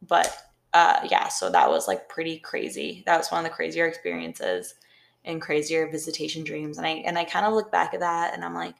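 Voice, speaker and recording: Deep-voiced and creaky, a young female podcast co-host talks fairly quickly, winding through a long story in casual conversation with heavy use of "like."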